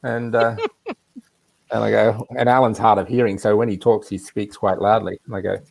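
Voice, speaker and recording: A man's voice: lowish voice, steady tone, normal speed, creaky, darkish tone. A man casually telling a personal anecdote on a live video chat, rambling with asides. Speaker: regular guest.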